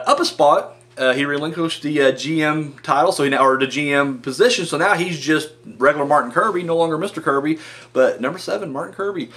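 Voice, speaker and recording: A man's voice: fairly high pitch, fairly bright tone. A man hosting a casual wrestling countdown vlog, rambling with frequent fillers and correcting himself as he goes. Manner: casual and joking. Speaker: wrestling review vlogger.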